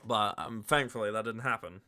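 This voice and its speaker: Bright-voiced man in casual game chat. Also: on the low side, brisk. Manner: chatty, boastful in jest. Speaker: tabletop game player. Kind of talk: casual post-game discussion.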